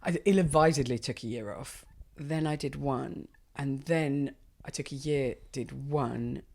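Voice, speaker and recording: A woman in her thirties, a stand-up comedian, talking casually and at length, animated and swearing freely. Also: a bass voice, unhurried, gravelly. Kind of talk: casual conversation.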